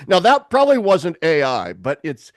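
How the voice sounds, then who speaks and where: A man hosting a podcast over a video call, telling animated stories, acting out voices and laughing often. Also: high-pitched, no echo, clean studio sound. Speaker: podcast host. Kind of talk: casual chat on a video call.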